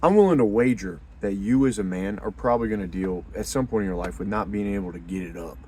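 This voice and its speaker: A young man hosting a men's community video, talking casually and bluntly, calling the listener dude, with loud emphatic bursts. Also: on the low side, fast talker, slightly rough. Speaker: host of a men's community channel. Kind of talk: casual unscripted monologue.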